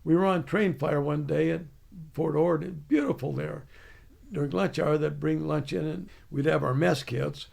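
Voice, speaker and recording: A man's voice: a little high, steady tone, normal speed, vocal fry, darkish tone. An older man, an army veteran, telling plainspoken stories in an interview and laughing along. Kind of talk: storytelling interview.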